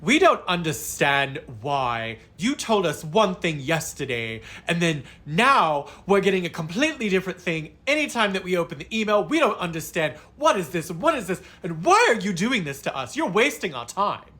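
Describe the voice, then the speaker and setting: A man's voice: medium pitch, very animated, unhurried, few pauses, sharp tone, exaggerated voice. A man voicing an entitled wife with a British accent who repeats accusing questions. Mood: indignant. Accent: British, put on. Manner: indignant, repetitive questioning.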